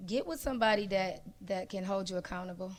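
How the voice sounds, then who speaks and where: A woman who is a guest on a panel talk, chatting casually and telling a personal story with animated energy, acting out the dialogue as she goes. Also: medium pitch, fast talker.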